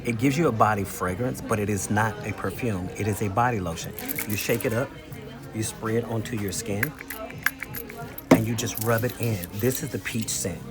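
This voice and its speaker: A man chatting casually to camera in a weekly vlog, telling stories and showing off products in an animated, talkative way. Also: fairly low pitch, normal speed, over loud music. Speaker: vlogger. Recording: noticeable background noise.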